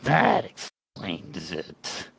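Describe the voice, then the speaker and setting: A game master doing a menacing giant, low voice, slow growling speech, close dry sound. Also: huge pitch swings, creaky, fairly bright tone, husky, no echo, full character voice. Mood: stern. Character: towering menacing ten-foot male monster.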